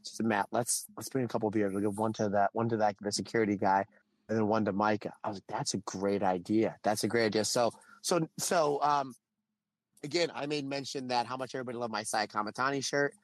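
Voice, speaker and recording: A married man co-hosting a podcast, telling a long anecdote in casual chat and acting out the quotes with animated swings in voice. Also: on the low side, quick pace, no echo. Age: adult, married. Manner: animated storytelling with acted-out quotes. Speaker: podcast co-host.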